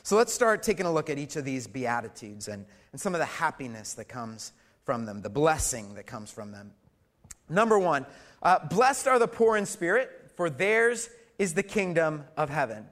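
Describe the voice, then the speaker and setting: A middle-aged male pastor preaching a sermon, swinging between loud emphatic lines and soft hushed ones, asking the congregation questions with light humor. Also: a little high, very animated, moderate pace.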